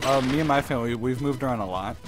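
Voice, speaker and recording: A man's voice: medium pitch, quick pace. A young American man chatting casually about games, rambling with lots of fillers and laughing often. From United States. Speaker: channel host. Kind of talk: casual gaming chat. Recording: music underneath.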